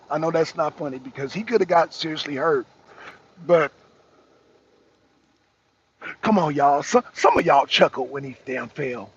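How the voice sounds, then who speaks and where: Host: a high, husky man, rambling slangy commentary, dull lo-fi sound. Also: fairly bright tone. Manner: rambling, repeats himself, laughs often, speaks slang. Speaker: talk show host. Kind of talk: casual political commentary to viewers. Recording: dull lo-fi recording.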